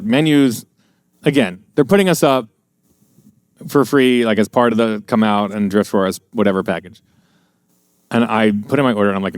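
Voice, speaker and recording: A middle-aged American man from the USA, a podcast guest, tells rambling, profane anecdotes in a casual chat. His voice is fairly low, clear and resonant, recorded dry with a clean studio sound.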